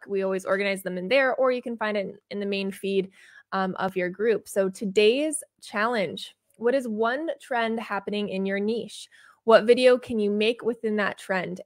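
A woman's voice: medium pitch, no echo. A woman co-hosting a livestream, bubbly and casual, with frequent ums as she reads out comments. Her voice is close and dry, with no room sound. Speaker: livestream co-host.

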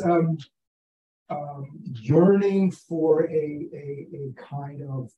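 An older man speaking as an author at an academic seminar, talking in a halting way with many restarts and fillers. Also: fairly high pitch, dark tone. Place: seminar room. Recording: roomy, distant from the mic.

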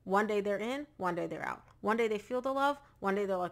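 A woman's voice: medium pitch, moderate pace, creaky. A woman giving a casual tarot reading to camera, talking straight to the viewer and repeating phrases for emphasis. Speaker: tarot reader.

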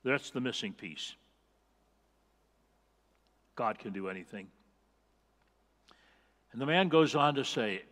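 A man's voice: mid-range voice, animated, takes it slowly, pauses often, fairly bright tone, long reverb tail. A male pastor preaching a sermon, earnest and emphatic, repeating key phrases for weight. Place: church sanctuary.

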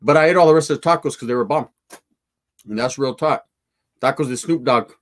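A man's voice: mid-range voice, a little fast. A man telling a profane, slangy street story to his live chat.

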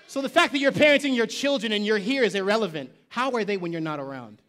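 A man preaching from the pulpit with a high, bright voice that rings out over the congregation. He shouts call-and-response lines and mixes in casual, slangy jokes and asides. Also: fast talker, a faint crowd. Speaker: pastor. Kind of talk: sermon. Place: church sanctuary.

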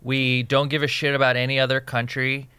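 A man's voice: medium pitch, level tone, a little fast, sharp tone, smooth, no room sound. A man from Jordan co-hosting a casual podcast, joking and reading listener emails aloud. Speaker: podcast co-host.

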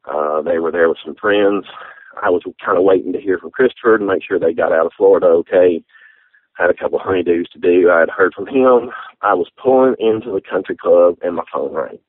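Man in his forties, deep husky voice, halting heartfelt testimony over a dry, tinny phone-like recording. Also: no room sound. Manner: halting, heartfelt, many fillers. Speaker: interview guest. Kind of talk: personal testimony.

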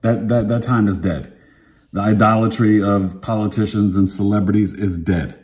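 A man's voice: fairly low pitch, steady tone, moderate pace, a little mellow. A man in his fifties, an astrologer talking straight to the camera in a casual, emphatic way, full of slang and repetition. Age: 50s. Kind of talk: casual direct-to-camera monologue.

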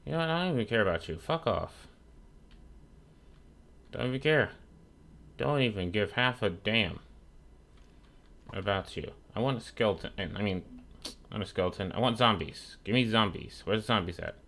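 Profane low-voiced man streaming a game. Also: lively intonation, normal speed, creaky, pauses often, fairly bright tone. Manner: profane, trash-talks game mobs. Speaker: gaming streamer. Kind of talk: casual gameplay commentary.

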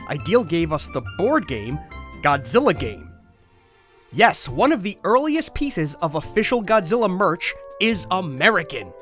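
A man hosting a comedic toy history show, with a lively, swooping delivery. He sounds jokey and exasperated, and his voice cracks upward when flustered, over faint background music. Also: high voice. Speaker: host.

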